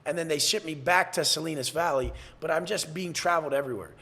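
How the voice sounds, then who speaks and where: A man's voice: fairly high pitch, fast, sharp tone. A man from San Diego telling his life story bluntly as a podcast guest, cursing freely and acting out the voices of others. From San Diego, USA. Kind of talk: candid storytelling interview.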